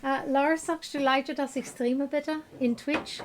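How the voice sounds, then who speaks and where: A woman's voice: high voice, fairly even intonation, unhurried, background noise. A woman in her thirties chatting with her viewers while streaming a game, laughing often. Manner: giggly, chatty, talks to chat. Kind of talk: casual gaming livestream chat.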